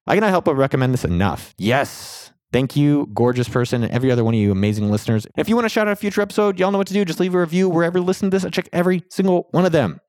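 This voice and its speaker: A man hosting a podcast, talking in an upbeat, excitable, salesy way, then chatting casually with his guest. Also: rapid-fire, few pauses, no room sound, studio quality. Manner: upbeat, salesy, excitable delivery with sudden pitch jumps. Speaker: podcast host. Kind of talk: energetic podcast intro and casual interview.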